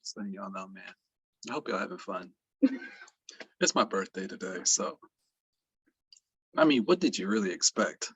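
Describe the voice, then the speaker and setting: A man's voice: mid-range voice, slightly rough, no room sound. Playful boastful male trading teacher. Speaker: trading educator. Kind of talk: casual online class.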